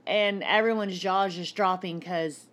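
A woman's voice: on the low side, steady tone, normal speed, fairly bright tone. Assertive woman making her case. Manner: assertive, building her argument point by point. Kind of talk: casual chat.

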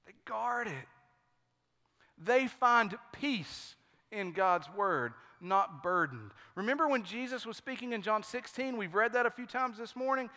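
Guy preaching in a church, storytelling, bright sharp voice, echoey hall. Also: sits high, unhurried. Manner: storytelling, animated, acts out quotes. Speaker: pastor. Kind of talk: sermon. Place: church sanctuary.

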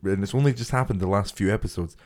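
Low-voiced man, swearing, self-mocking. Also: darkish tone. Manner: self-mocking, heavy swearing, slow drawl. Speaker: podcast co-host. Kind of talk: casual chat.

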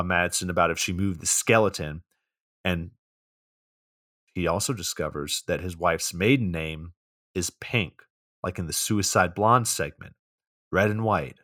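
A man co-hosting a podcast, casually recapping a movie plot with joking asides and quick impressions. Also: low voice, a bit bright, dry recording, clean studio sound. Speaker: podcast co-host.

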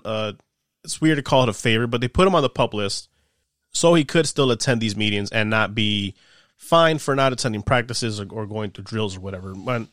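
A man's voice: mid-range voice, a bit bright, no echo, clean studio sound. A man hosting a casual sports podcast who talks animatedly, laughs often and swears freely. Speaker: podcast host.

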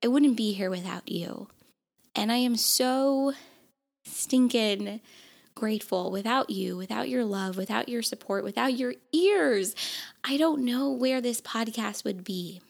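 A woman's voice: fairly high pitch, measured pace, vocal fry. A woman hosting her podcast, talking earnestly and emotionally, close to tears. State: tearful. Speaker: podcast host. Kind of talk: heartfelt solo podcast monologue.

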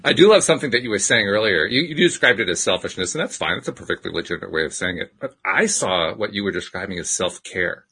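A man's voice: on the low side, lively intonation, quick pace, hardly any pauses, pushed and bright, husky. A man hosting a podcast in casual interview chat, affirming and reflective. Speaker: podcast host.

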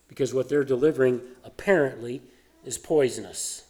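A man preaching a sermon, teaching through Bible verses in an emphatic, conversational way, swinging from loud points to hushed asides. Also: mid-range voice, brisk.

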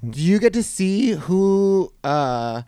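A man's voice: high voice, big pitch swings, slow pace, warm tone, clean tone, dry recording, studio quality. A man hosting a podcast, casually asking frank, probing questions. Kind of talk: casual interviewing.

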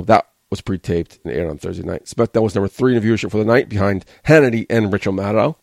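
Gravelly-voiced man giving blunt opinions. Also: fairly low pitch, warm tone, no echo, clean studio sound. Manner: blunt, sarcastic, swears freely. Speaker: wrestling podcast host. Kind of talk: casual opinionated review.

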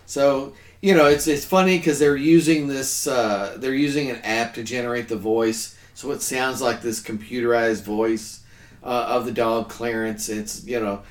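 A man hosting a casual podcast discussion, chatty and quick to agree with his co-hosts. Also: mid-range voice, steady tone. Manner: chatty, affirms often with "yes". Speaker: podcast host. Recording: roomy echo.

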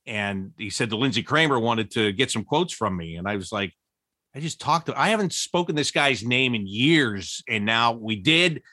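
Animated man telling hockey stories. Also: normal speed, dry recording, studio quality. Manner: animated, laughing storyteller with big pitch jumps when quoting. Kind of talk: storytelling interview.

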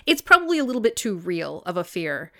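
A woman chatting casually about a film, retelling scenes with lively put-on quotes. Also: on the low side, fairly quick. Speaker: podcast co-host. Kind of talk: casual chat.

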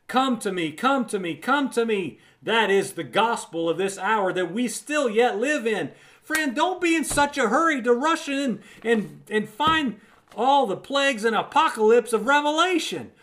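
A man with a high-sitting, fairly bright voice delivers a recorded Bible teaching. He's emphatic yet conversational, repeats words to drive points home, and addresses the listener as friend.

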